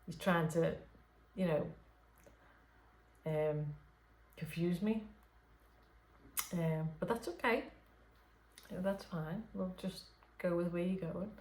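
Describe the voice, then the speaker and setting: Lady medium rambling late at night, lowish voice, lots of ums, roomy echo. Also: steady tone, takes it slowly, long pauses. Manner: hesitant, many fillers and restarts; talks softly at late night hours. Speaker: spirit medium. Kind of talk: unscripted channelling session talk.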